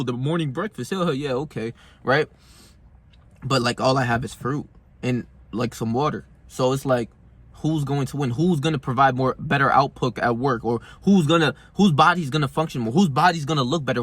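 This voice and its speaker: Brash, slangy young man, husky voice. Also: mid-range voice, fairly bright tone, no room sound. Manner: brash, slangy, heated, profane. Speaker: self-help vlogger. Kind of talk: casual monologue to camera.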